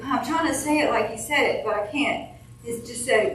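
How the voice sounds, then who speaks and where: A woman reading a eulogy from her notes at a funeral home chapel, emotional and halting, with restarts. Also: high voice, slight background noise. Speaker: family member giving a eulogy. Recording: very echoey hall, from far off.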